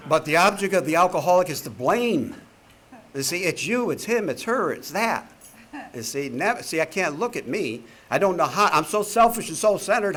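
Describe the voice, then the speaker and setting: A bit bright and on the high side, the voice belongs to a Connecticut man in his seventies. He tells stories and jokes to a recovery meeting with a wisecracking, profane manner; faint background noise runs under this archive talk recording.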